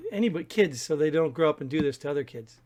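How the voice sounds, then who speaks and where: A man co-hosting a casual discussion podcast, argumentative and talking in rapid bursts, often clearing his throat. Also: a little high, animated, darkish tone. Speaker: podcast co-host.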